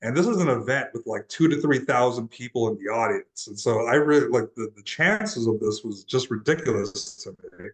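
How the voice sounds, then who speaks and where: The young man, a transformational guide from Laredo, Texas, USA, is a guest in an interview recounting a personal story. His medium-pitched voice is animated, at normal speed with hardly any pauses, and he speaks earnestly and casually, often restarting and repeating words. The audio is poor.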